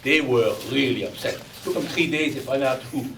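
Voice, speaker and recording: A man in his eighties with a Belgian accent, giving a speech with humor as a chuckling, animated storyteller. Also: medium pitch, a little fast. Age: 80s. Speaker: guest speaker. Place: museum event hall. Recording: distant mic with faint background noise.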